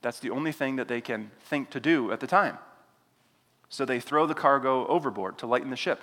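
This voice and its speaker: A man delivers an expository sermon and retells the scene with lively voiced asides. His voice is bright and forward, carried by the long reverb of a church sanctuary. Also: medium pitch, a little fast. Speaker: preacher.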